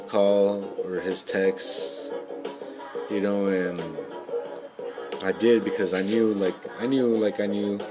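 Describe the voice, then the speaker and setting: Deep, flat-voiced man rambling casually. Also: poor audio. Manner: rambling, filler-heavy, profane street slang. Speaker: parent sharing life stories. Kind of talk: casual personal storytelling.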